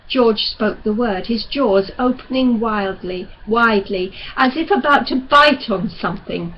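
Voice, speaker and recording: Woman narrator, slightly high voice, very unhurried; dull audio, faint hiss. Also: a bit bright. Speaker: audiobook reader. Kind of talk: novel narration.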